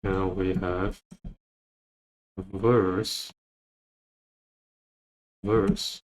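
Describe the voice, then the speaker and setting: Slow, low-voiced man teaching vocabulary. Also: big pitch swings, gravelly, poor audio. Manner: repeats words many times, thinking aloud. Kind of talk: slow, repetitive vocabulary lesson.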